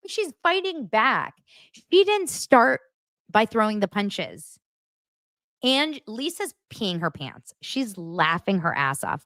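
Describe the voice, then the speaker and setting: A woman's voice: medium pitch, fairly bright tone, dry recording, clean studio sound. A woman hosting a casual, gossipy reality TV recap, talking animatedly and swearing casually. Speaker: host.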